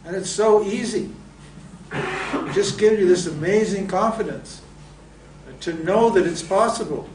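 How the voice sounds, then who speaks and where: A man's voice: high voice, a little slow, pauses often, noisy background. A man teaching spiritual texts, asking his students rhetorical questions and then answering them himself. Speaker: Vedanta teacher. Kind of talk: lecture to students. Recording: roomy echo from a distant mic.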